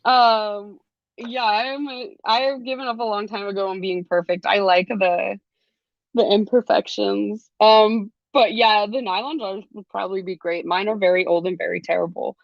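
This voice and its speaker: A woman's voice: mid-range voice, fairly even intonation, moderate pace, creaky, no echo, lo-fi sound. A young adult woman teaching a live beading class, chatty, with frequent ums and laughs. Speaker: jewelry class instructor. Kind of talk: live online craft class.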